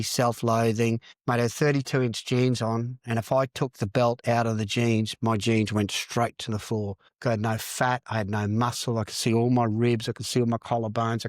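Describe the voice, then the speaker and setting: Older aussie bloke, podcast guest, sweary and blunt, says things twice for punch, dead dry mic. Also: male voice, mid-range voice, no echo. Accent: Australian. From Australia. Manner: blunt and profane, repeats phrases for emphasis. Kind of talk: candid storytelling interview.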